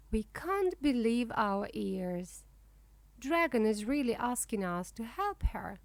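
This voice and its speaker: A woman reads a children's storybook aloud, slowly and clearly, in simple first-person narration. Her pitch is fairly high and very expressive, rising and falling. The recording is close and dry, with no room sound. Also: no room sound. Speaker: storybook reader.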